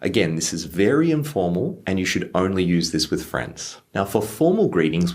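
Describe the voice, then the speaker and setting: Lively man teaching English. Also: deep voice, normal speed, few pauses. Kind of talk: scripted online lesson. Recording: faint background music.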